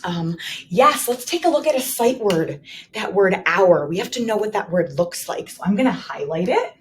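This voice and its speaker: A woman teacher modeling writing for young children, slowly and clearly sounding out each word and leading the class to repeat. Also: medium pitch, expressive, slight background noise. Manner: slow, exaggerated sounding out of words.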